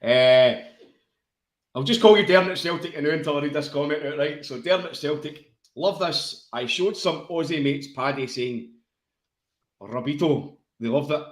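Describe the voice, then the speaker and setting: A man's voice: on the high side, moderate pace. A man with a Glaswegian Scottish accent co-hosting a football podcast, talking in blunt, sweary banter. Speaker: podcast co-host. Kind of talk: casual football chat. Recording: echoey room.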